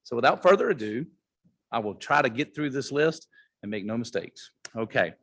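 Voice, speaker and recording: A man's voice: medium pitch, sing-song, normal speed, fairly bright tone, breathy edge, dry recording. Brief: nervous new member at a club meeting, male, dry and close. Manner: hesitant, with fillers. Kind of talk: reading names at a club meeting.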